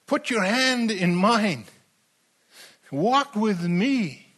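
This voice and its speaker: A preacher voicing Jesus, gentle and inviting. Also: male voice, sits high, lively intonation, drawn-out words, voice pushed up, full character voice.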